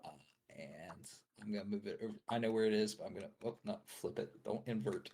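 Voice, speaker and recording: A young man narrating as game master for a tabletop game, casual and halting, with frequent uhs and restarts. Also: fairly low pitch, dark tone, slightly rough.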